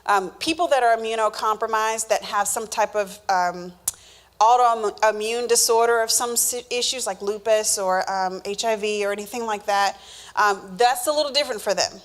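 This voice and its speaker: A woman's voice: medium pitch, moderate pace. A woman answering health questions in an informal Q&A, explaining step by step with fillers and small restarts. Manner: explanatory, many fillers and restarts, acts out the body talking.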